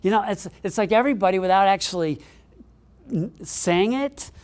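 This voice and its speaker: Middle-aged keynote speaker, fairly high voice, lively storyteller. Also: male voice, moderate pace. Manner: animated, rises in pitch when excited.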